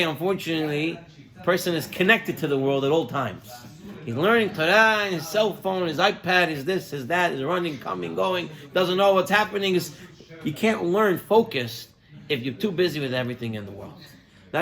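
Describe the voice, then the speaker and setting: A man preaching as a rabbi, telling a story with lively acted-out voices. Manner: animated, acts out quoted voices with big pitch jumps. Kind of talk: sermon storytelling.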